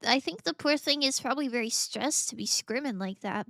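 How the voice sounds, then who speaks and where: Bubbly high-voiced woman streamer. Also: expressive, moderate pace, gravelly, hardly any pauses, a bit bright, dry recording, clean studio sound. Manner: bubbly, gushing, laughs often. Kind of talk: casual gaming stream chat.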